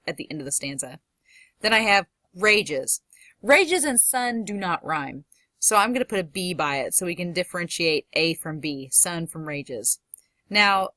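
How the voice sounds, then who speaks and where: Woman professor lecturing, lowish voice. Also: pushed and bright, no room sound. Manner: explains step by step, reads poetry aloud slowly. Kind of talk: recorded lecture.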